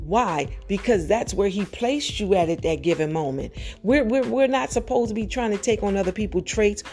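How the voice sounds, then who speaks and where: Her medium-pitched voice is a little mellow, and soft music plays in the background. Delivering a podcast sermon, she presses her audience with quick rhetorical questions that build to forceful, urgent peaks.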